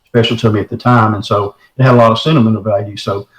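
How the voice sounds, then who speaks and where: A middle-aged man tells his own story in a casual, folksy way, dropping "man" into his sentences. His voice sits a little low. The room gives his voice a noticeable echo. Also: fast. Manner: folksy, says "man" often, animated retelling. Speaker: guest telling his encounter. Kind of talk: casual first-person storytelling.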